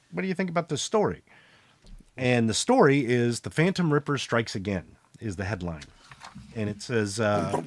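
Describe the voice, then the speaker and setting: A man narrating as game master and voicing side characters in a tabletop role-playing game. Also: mid-range voice.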